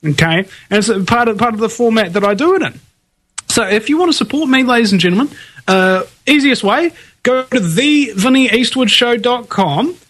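A man's voice: very high voice, animated, moderate pace, a bit bright. A man hosting a radio talk show, ranting emphatically and laughing often.

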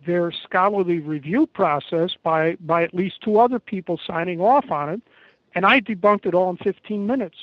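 An American man giving a halting, emphatic interview over an internet call, pausing often. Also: high-pitched, dry recording. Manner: halting, emphatic, many pauses. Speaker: interview guest. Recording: dull lo-fi internet call audio.

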